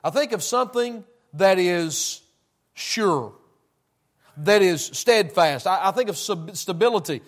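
A man preaching a sermon, swinging between loud emphasis and quiet asides. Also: high-pitched, animated, measured pace.

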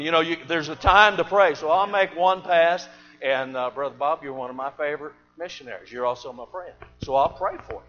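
A man preaching a sermon, telling a folksy story and swinging between loud bursts and hushed asides. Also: fairly high pitch. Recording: dull lo-fi church recording with long reverb and faint music.

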